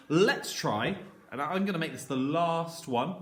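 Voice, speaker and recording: A man leads a children's phonics lesson, stretching out each sound slowly and praising the class. His pitch swings widely as he speaks. The room is echoey, with a faint hum of ambience behind him. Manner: slow, sounding out words letter by letter; encouraging, animated teacher voice. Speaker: primary school teacher.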